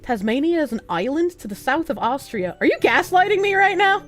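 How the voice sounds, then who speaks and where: A young woman chats on a stream and reads out viewer messages. She is swearing and animated, with a high voice that swoops all over. Faint music plays behind her. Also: brisk. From United States. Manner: animated, giggly, profane, with squealing high laughs. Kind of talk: casual chat reading out viewer messages.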